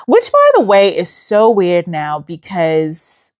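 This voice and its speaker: A woman's voice: lowish voice, wildly swooping pitch, takes it slowly, a little mellow. A woman from New York City with an American accent and a slight British tinge, hosting a casual voice note in a sassy, joking, storytelling way. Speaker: host.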